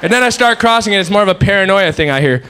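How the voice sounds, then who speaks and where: High-voiced man, jittery stand-up bit. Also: lively intonation, rapid-fire, pushed and bright, clear, resonant tone, a faint crowd. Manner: anxious, rambling, with sound-effect noises. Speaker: stand-up comedian.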